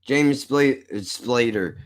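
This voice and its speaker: A man's voice: mid-range voice, extremely slow. A man hosting a podcast, rambling and joking with heavy swearing. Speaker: podcast host. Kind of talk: casual podcast banter.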